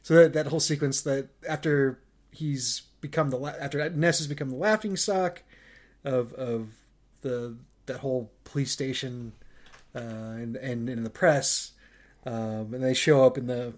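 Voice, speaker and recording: A man's voice: medium pitch, measured pace. A man co-hosting a casual movie podcast, talking in a rambling way with many restarts and fillers. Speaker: podcast co-host.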